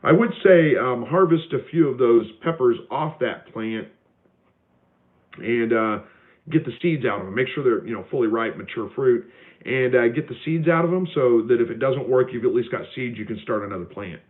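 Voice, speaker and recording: A man's voice: medium pitch, expressive, moderate pace. A man hosting a live stream, chatting casually as he answers viewer questions, with lots of fillers and restarts. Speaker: homestead livestream host. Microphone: phone. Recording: tinny phone audio.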